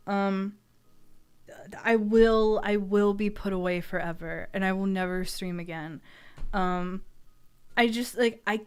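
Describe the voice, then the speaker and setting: A young woman streaming as a vtuber, chatting casually and excitably, swearing and gushing, often stumbling over restarts. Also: mid-range voice, clear, resonant tone.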